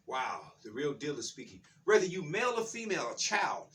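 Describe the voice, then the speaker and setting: Man, fired up, preachy, repeats himself, high voice, distant mic. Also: big pitch swings, brisk, few pauses, a bit bright. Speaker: spiritual speaker. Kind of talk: spiritual talk.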